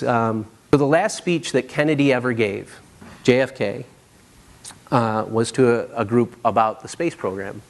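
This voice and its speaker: A man in his thirties giving a conference keynote, telling stories and often checking in with "right?". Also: a little high. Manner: animated, acts out quotes, frequent "right?". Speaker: keynote speaker. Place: conference stage.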